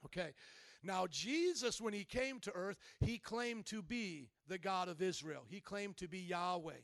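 High-voiced, animated male preacher. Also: a little slow, vocal fry, no room sound. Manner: animated, emphatic preaching, bursts into shouts. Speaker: pastor. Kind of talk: sermon. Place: church service.

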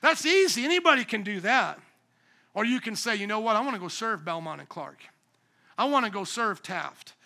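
Male pastor, 40s, sermon delivery; high, very bright voice, shifts between hushed moments and loud emphatic peaks, acts out quoted voices. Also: animated, moderate pace, creaky. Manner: swings from hushed intimacy to loud, shouting emphasis.

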